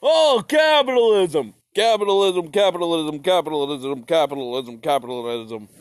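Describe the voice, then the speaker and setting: A whiny, smug philosopher whines and gloats, as a man mocks him in a high, pushed voice. It is a loud, exaggerated mockery, recorded dry and close. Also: expressive, normal speed, no room sound, close to an everyday voice. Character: grumbling male philosopher, smug about his theory.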